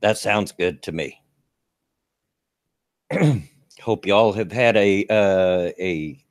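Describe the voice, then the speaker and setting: A man's voice: fairly low pitch, lively intonation, takes it slowly, dry recording, clean studio sound. A man, hosting a live stream in a folksy, rambling way with many fillers and restarts. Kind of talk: casual chat.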